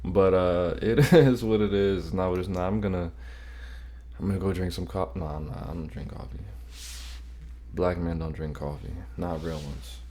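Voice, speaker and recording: A man's voice: low voice, steady tone, normal speed, dark tone. A man hosting a reaction video, making loose, profane, joking asides between clips. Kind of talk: casual reaction commentary.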